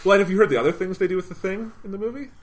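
A man's voice: high-pitched, rapid-fire. A young man co-hosting a podcast, giving opinionated movie talk in casual chat. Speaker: podcast co-host.

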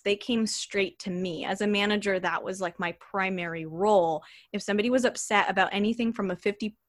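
A young adult woman telling a personal story as a podcast guest, in a chatty, animated way with many fillers. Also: medium pitch, no room sound, studio quality. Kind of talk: casual storytelling.

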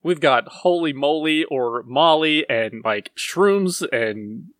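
A podcast co-host adding joking asides with halting fillers in casual chat. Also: mid-range voice, animated, a bit bright, no echo, clean studio sound.

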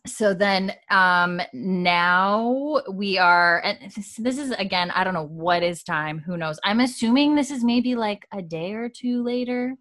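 A woman co-hosting a casual chat, retelling scenes with lots of fillers and quick laughs. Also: mid-range voice, a bit bright. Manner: chatty, filler-heavy, acts out quotes, laughs often. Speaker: podcast co-host recapping a TV episode.

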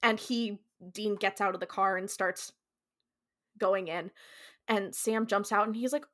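Bright-voiced woman recapping a TV episode. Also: medium pitch, a little slow. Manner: animated retelling, quotes characters, frequent "like". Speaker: podcast co-host.

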